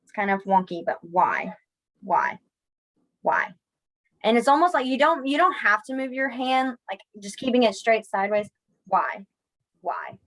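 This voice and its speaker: Young woman, chatty class teacher, lightly self-mocking, slightly high voice. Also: measured pace, long pauses, poor audio. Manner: chatty, self-deprecating, animated when students try signs. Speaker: sign language teacher. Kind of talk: casual online class instruction.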